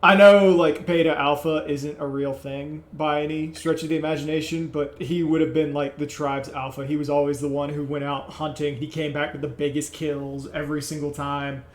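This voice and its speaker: Brief: a man, higher voice, animated player in a tabletop role-playing session. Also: moderate pace, few pauses, echoey room. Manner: animated, shouts in-character lines. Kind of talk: playing a tabletop game in character.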